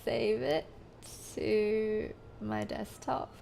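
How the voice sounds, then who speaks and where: Gravelly-voiced woman streamer chatting. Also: medium pitch, steady tone, extremely slow, dark tone, slight background noise. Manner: rambling, swears casually. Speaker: game streamer. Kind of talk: casual live-stream chat.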